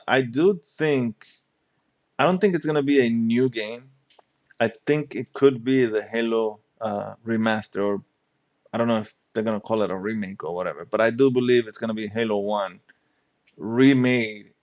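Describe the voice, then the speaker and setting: A man with a middle-pitched voice hosts a casual podcast. He talks in a chatty way, thinks aloud and restarts his sentences, and he is on a remote call. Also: darkish tone, dull audio. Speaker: podcast host.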